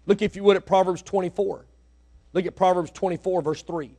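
A middle-aged man preaching a sermon in church, swinging from hushed asides to loud, rising exhortation. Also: high voice, steady tone, a little fast. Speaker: pastor. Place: church sanctuary.

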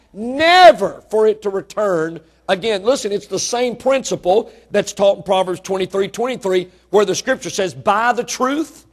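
Male preacher, high voice, slow stressed words and rising loudness in the sermon. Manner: preaching with drawn-out emphasis and swelling volume.

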